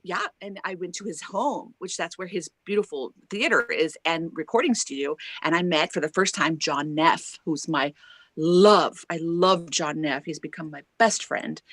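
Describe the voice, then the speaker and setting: A woman singer telling an animated story as an interview guest, acting out quoted voices and tagging lines with "right?". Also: on the low side, dry recording. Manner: lively storyteller who acts out quoted voices and laughs often; chatty, many "like" and "right?" tags.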